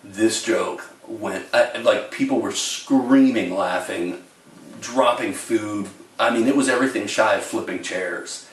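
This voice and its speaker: A man telling funny childhood stories to his camera in a wry, deadpan way. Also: fairly low pitch, measured pace, recorded from a distance, a little hiss or hum. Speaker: storyteller. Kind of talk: comic storytelling to camera. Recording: roomy, away from the mic.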